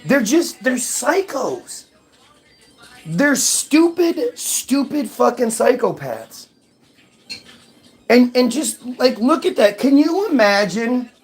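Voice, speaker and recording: A man in a casual ranting monologue, mocking and profane, answering chat. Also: very high voice.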